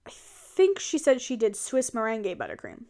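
Young woman, slightly high voice, chatty role-play venting to a partner. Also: huge pitch swings, normal speed, gravelly, dark tone. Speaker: audio role-play performer.

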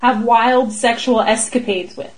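A woman's voice: on the high side, a little slow, low-quality recording. A young woman co-hosting a podcast, chatting in a playful, teasing way and laughing often. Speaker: podcast co-host. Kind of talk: casual chat.

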